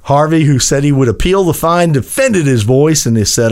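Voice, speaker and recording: A man hosting a casual radio talk show, reading odd news stories in a slow, emphatic, wry way. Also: a little high, animated, a little mellow. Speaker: radio host.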